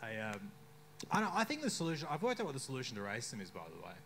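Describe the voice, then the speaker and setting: A young man with an Australian accent doing a stand-up comedy set on a bar stage, deadpan with sudden outbursts. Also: medium pitch, rapid-fire, slight background noise. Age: young adult. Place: bar stage before a live crowd.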